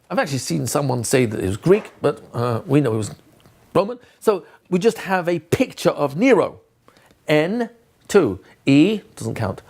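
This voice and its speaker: A man's voice: a little high, a little mellow. A man giving a recorded lesson to teachers, quizzing himself aloud and answering in a playful way. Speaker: teacher trainer.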